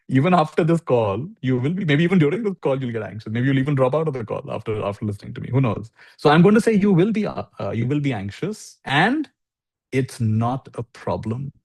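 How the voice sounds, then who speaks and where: A man, a spiritual teacher on a live video call, gently direct as he tells stories and counsels a caller. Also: mid-range voice, very animated, brisk, gravelly, husky, no room sound. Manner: gently direct, storytelling, acts out quoted speech. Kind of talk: live online Q&A, storytelling advice.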